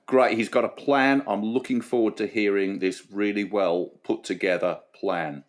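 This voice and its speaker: A man's voice: fairly low pitch, fairly even intonation, moderate pace. A man co-hosting a podcast, dry and sarcastic in a casual chat. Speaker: podcast co-host.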